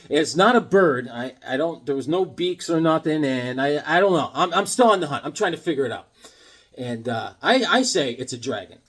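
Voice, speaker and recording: A man hosting a comedic unboxing vlog, rambling through jokes and stories with animated outbursts. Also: fairly high pitch, slightly rough. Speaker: comic book vlogger.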